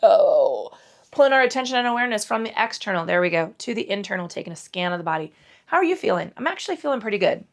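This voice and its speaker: Very animated and quick-paced, a middle-aged woman with a creaky, medium-pitched voice runs an informal yoga class inside her home. She's a rambling instructor who swears a lot and jokes about herself.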